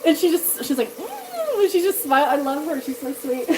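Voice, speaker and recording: A woman's voice: high-pitched, brisk, noisy background. A woman in her thirties chatting casually while cooking on a live stream, rambling and laughing often as she reads chat.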